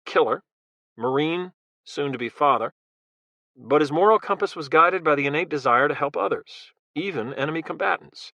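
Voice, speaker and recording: A male audiobook narrator tells a thriller in a measured, dramatic way. His tone is bright and pointed, and every line lands with force. The recording is dry, with no room sound. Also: mid-range voice, no echo, highs cut off.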